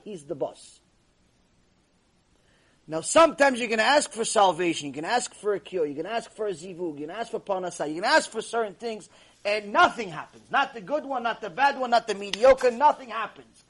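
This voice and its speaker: High, husky-voiced rabbi teaching a class. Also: male voice, brisk. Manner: animated storytelling with Hebrew terms. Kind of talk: Torah class lecture. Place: classroom with a live audience.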